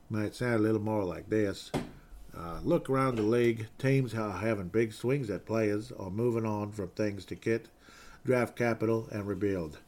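A man's voice: lowish voice, moderate pace, darkish tone. A man hosting a casual sports talk stream, reading viewer comments and rambling through self-mocking asides. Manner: rambling, self-deprecating, drops to mumbling asides.

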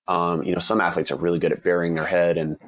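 Very deep-voiced man, slightly husky. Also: little pitch movement, fast, a bit bright. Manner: earnest, candid, with frequent restarts. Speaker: guest, endurance cyclist. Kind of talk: reflective interview answers.

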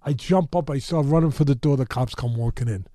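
A man's voice: mid-range voice, brisk, dark tone, dry recording, clean studio sound. A man telling a story in a loose, rambling way, full of fillers and restarts, with blunt street-tough talk. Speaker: storytelling guest. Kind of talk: casual spoken storytelling.

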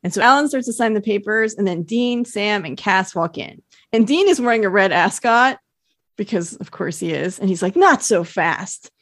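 A woman's voice: medium pitch, normal speed, a bit bright, no echo, studio quality. A woman co-hosting a podcast, recapping a TV episode in chatty, enthusiastic casual talk. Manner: chatty, enthusiastic, laughs easily. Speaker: podcast co-host.

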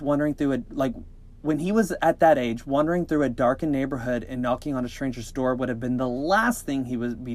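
A male podcast co-host reads creepy encounter stories in an everyday, mid-pitched voice. He keeps breaking away from the text for cheeky, joking asides and bursts of laughter, so the reading stays lively, animated and casual.

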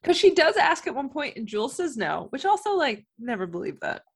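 A woman's voice: high-pitched, sing-song, a little fast. A young woman hosting a podcast, chatting casually with lots of fillers. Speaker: podcast host. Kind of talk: casual chat.

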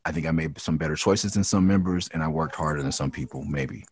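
A deep, husky male voice recorded close and dry, with no room around it. He speaks in a candid, loose interview style, swearing freely and pushing harder on the points he feels strongly about. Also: fast talker, no echo. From Los Angeles area. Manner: frank and profane, ramps up when heated. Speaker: rapper and interview guest. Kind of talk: candid casual interview talk.

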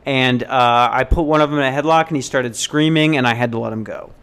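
A young American man hosting a casual solo podcast, rambling and self-deprecating as he tells stories, now and then jumping into high mock voices. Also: brisk, fairly bright tone, clear, resonant tone. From United States. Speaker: podcast host. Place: hotel front desk.

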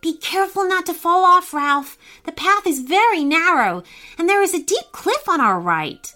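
A woman voicing a confident, caring big sister in a children's storybook, talking briskly and reassuringly. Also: very high voice, big pitch swings, bright, forceful tone, voice pushed up, heavily acted. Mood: coaxing. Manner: reassuring, brisk and take-charge. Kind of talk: storybook character voice.

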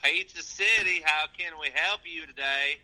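A man's voice: a little high, moderate pace, sharp tone, poor audio. A man voicing a twangy Southern redneck pizza clerk with an exaggerated, hollering put-on accent. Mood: hammy.

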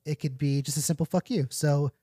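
Higher-voiced man hosting a podcast. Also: steady tone, quick pace, slightly rough, dry recording, studio quality. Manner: upbeat, wraps up with shout-outs. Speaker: podcast host. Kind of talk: casual podcast chat.

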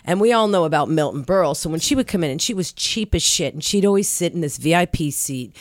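A woman guest on a comedy podcast, telling profane stories in a lively way and acting out the people in them. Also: low-pitched, fast, no room sound, studio quality. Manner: animated, profane, acts out the people in her stories. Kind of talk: casual chat, comic storytelling.

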